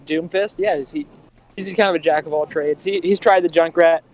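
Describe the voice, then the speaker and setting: A man's voice: high voice, sing-song, brisk, gravelly, low-quality recording. A man giving his firm opinions as a guest in a casual gaming interview. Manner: opinionated, emphatic. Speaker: team player, guest. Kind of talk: casual chat over voice call.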